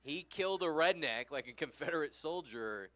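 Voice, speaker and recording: A man's voice: on the high side, expressive, normal speed, bright, forceful tone, no echo. A tired, tipsy man from California doing a rambling, crude, self-deprecating stand-up set. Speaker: stand-up comedian.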